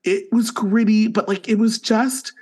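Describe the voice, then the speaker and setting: A man co-hosts a podcast in easy, casual conversation. His voice sits fairly high, and he gushes with enthusiasm, slipping into little quoted voices as he retells scenes. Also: flat delivery, a little slow, a little mellow, husky. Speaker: podcast co-host. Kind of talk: casual chat.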